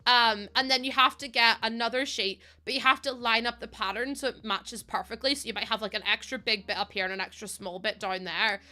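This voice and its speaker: A woman's voice: fairly high pitch, brisk, hardly any pauses, bright, forceful tone. A young woman streaming a game, chatting casually while laughing often and swearing freely. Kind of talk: casual chat while gaming.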